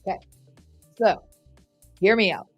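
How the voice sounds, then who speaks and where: A woman's voice: medium pitch, a little slow, lo-fi sound, faint music behind. Laughing woman telling a game story. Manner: chatty storytelling with frequent "like" and laughs. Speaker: player. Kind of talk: narrating a tabletop game.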